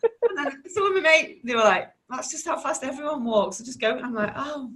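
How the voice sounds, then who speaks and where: Chatty Manchester woman, quite high voice. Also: lively intonation, quick pace, fairly bright tone. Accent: Mancunian. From northern England. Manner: chatty, laughs often, acts out quoted people. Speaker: podcast host. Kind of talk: casual chat.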